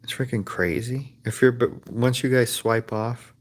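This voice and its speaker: A man hosting a comedic livestream, rambling in a deadpan way through mock sponsor pitches. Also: unhurried. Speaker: streamer. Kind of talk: improvised comedic livestream rant.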